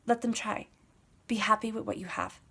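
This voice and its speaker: A woman gives a casual tarot reading in a voice of middle pitch. She talks straight to the listener, encouraging and a little rambling, and she likes to repeat her phrases for emphasis. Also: fairly even intonation, moderate pace, creaky, bright, forceful tone, slightly rough. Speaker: tarot reader.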